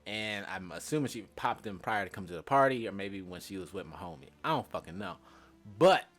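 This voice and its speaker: A young man telling a comic story in a casual, slangy, profane way, acting out each exchange and swinging from loud bursts to hushed asides. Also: lowish voice, a little fast. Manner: animated, acts out voices, swings from loud to hushed, laughs through lines.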